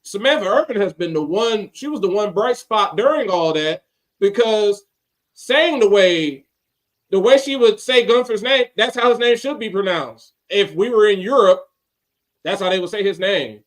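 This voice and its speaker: A man co-hosting a casual wrestling podcast, talking in an animated, rambling way and restarting his sentences. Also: high-pitched, moderate pace. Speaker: podcast co-host.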